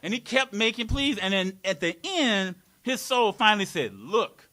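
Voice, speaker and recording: A man's voice: sits high, normal speed, pushed and bright. A man preaching a live sermon in a community worship hall, playful and laughing, with call-and-response.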